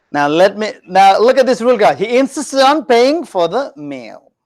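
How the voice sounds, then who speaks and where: A man teaching a grammar lesson in a classroom, animated and joking with his students. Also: high voice, unhurried. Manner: animated, joking with students, mixes in Hindi phrases.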